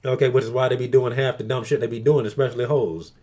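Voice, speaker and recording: A man's voice: medium pitch, fairly even intonation, fast, a little mellow. A man giving a casual, crude monologue to his viewers, swearing often and repeating "okay" between thoughts. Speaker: video blogger.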